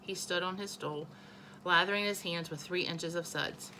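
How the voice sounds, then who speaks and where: A woman teacher reading a children's novel aloud, expressive and correcting her own small slips. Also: on the low side, moderate pace, slight background noise, rough recording.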